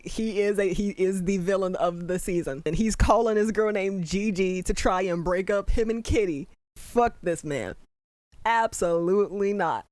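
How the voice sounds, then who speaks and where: A young adult giving casual, excitable reaction commentary on a show, getting emotional and swearing freely. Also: medium pitch, no room sound.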